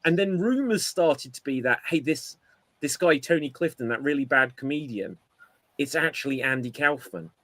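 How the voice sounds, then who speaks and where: Bright-voiced man telling a story. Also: medium pitch, moderate pace, no room sound. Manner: animated storyteller, acts out quotes. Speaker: podcast co-host. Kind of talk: casual chat.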